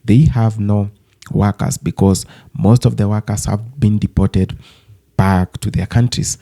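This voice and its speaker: A man hosting a channel, giving slow, measured scripted commentary to his viewers. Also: on the low side, steady tone, gravelly, warm tone. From Africa. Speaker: channel host.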